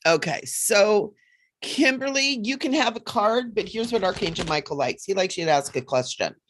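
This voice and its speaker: A woman hosting a casual psychic livestream, chatty and animated, often laughing as she reads cards. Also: medium pitch, normal speed. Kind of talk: casual livestream chat with card readings.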